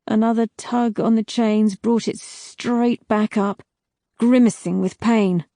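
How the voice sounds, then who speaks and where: A woman reading a dark fantasy audiobook in a slow, measured narration. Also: fairly high pitch, fairly even intonation, no echo, clean studio sound.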